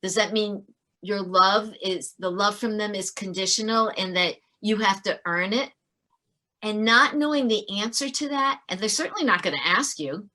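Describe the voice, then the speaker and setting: A woman's voice: medium pitch, normal speed. Middle-aged woman guest, ex-teacher, earnest storyteller, mid-range voice. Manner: earnest, animated storyteller with many restarts. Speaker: podcast guest, author and former teacher. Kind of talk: storytelling in a podcast interview.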